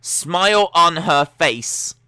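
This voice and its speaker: A man's voice: a little high, expressive, takes it slowly, pushed and bright, smooth, dry recording, clean studio sound. A young man hosting a live stream watch-along, giving chatty, sarcastic, opinionated commentary.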